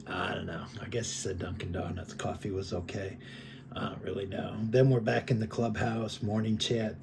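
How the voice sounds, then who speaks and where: Against some background noise, a man with a fairly low voice comments on videos by other creators. His talk is loose and rambling, with frequent chuckles and lots of filler words.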